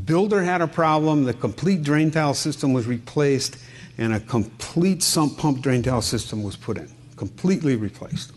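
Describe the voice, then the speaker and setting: A man's voice: mid-range voice, animated, normal speed, darkish tone. Folksy Midwestern man giving a seminar. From Wisconsin. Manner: folksy, asks the audience questions, tells anecdotes. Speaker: home inspector presenting a seminar. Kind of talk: conversational seminar talk.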